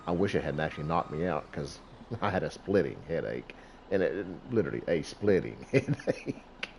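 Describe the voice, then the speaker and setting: A man's voice: low voice, darkish tone, slight background noise. A middle-aged man who hosts a gaming channel, telling a rambling story about himself over gameplay, folksy and chuckling often.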